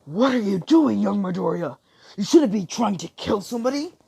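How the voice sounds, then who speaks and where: A man's voice: high-pitched, lively intonation, normal speed, creaky, mellow, slightly rough, pitched above the performer's own voice, exaggerated voice. A man voicing a stern older male hero mentor who scolds his student. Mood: stern scolding.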